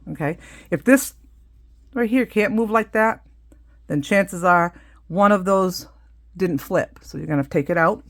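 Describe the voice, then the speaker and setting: This craft teacher, a middle-aged woman, gives a relaxed hands-on demonstration, talkative and sprinkling in lots of asides. She has a fairly low voice, speaks unhurriedly, and pauses often.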